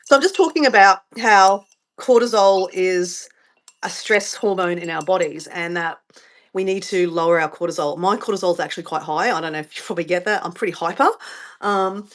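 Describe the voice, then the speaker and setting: A woman's voice: lowish voice, brisk. A middle-aged woman with an Australian accent, chatting casually on a live stream, rambling and getting sidetracked as she answers viewer comments. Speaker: vlogger livestreaming her morning routine.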